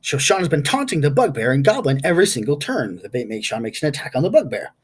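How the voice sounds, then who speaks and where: Husky game master rambling through a recap. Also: male voice, mid-range voice, very animated, quick pace. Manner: rambling, stops to recall names aloud. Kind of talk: casual recap of a tabletop game session.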